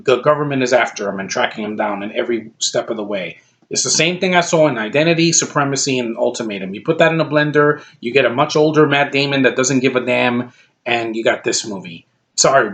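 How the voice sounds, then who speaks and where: A man's voice: medium pitch, a bit bright. A man ranting casually about a film he dislikes, blunt and exasperated, rambling with frequent restarts. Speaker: movie reviewer.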